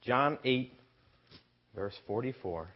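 A man preaching a sermon with emphasis, pausing to ask his listeners rhetorical questions. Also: medium pitch, expressive. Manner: slow, emphatic, asks the congregation rhetorical questions. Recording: dull lo-fi recording.

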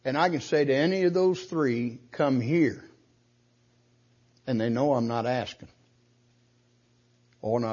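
Heard through dull audio, an older man with a medium-pitched voice drives home his sermon with rhetorical questions. His delivery is emphatic, hitting key words hard and swelling to loud stresses.

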